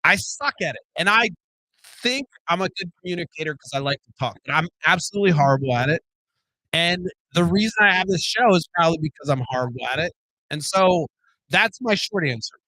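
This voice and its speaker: A man's voice: on the high side, animated, brisk, pushed and bright, no echo, rough recording. Blunt, swearing man hosting his own show. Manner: blunt, profane, rambling with restarts. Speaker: podcast host. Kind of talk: solo casual monologue.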